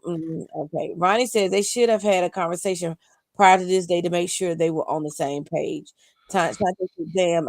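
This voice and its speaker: Gravelly woman reading out live chat. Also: on the low side, darkish tone, no room sound. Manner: dry, sassy asides. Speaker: co-host reading viewer comments.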